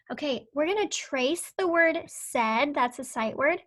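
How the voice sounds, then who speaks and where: A young woman teaching an online phonics lesson to young children, patient and clear as she sounds out words and spells letters one at a time. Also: high voice, normal speed, hardly any pauses, a bit bright. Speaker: kindergarten teacher.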